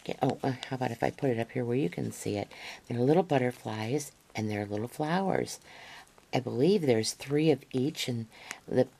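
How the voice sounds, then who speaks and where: A woman's voice: very deep voice, animated, a little fast, gravelly, dark tone, a little hiss or hum. A woman crafter showing handmade gifts to camera in a casual unboxing chat, gushing and rambling with many fillers.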